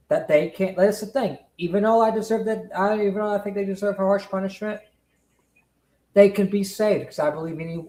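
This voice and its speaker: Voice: medium pitch, darkish tone, echoey room, low-quality recording. A streamer who rants in a profane, emphatic way, often repeating points. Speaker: commentary streamer. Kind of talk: heated casual rant.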